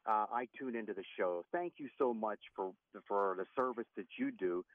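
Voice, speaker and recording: A man's voice: fairly low pitch, normal speed, no room sound. A man, a union official calling in to a radio show, speaking courteously and formally. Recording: tinny phone line.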